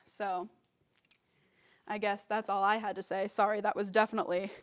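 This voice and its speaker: A woman's voice: mid-range voice, little pitch movement, moderate pace. A young woman, a guest speaker, telling a personal story to a church congregation in a casual, chatty way with many fillers. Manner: casual storytelling with fillers, acts out quoted lines.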